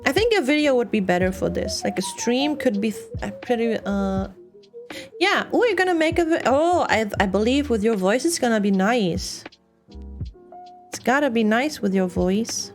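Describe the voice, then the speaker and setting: A woman's voice: fairly high pitch, lively intonation, moderate pace, soft background music. A young woman streamer with a non-native English accent, chatting casually and laughing often while she builds a model kit. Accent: non-native English speaker.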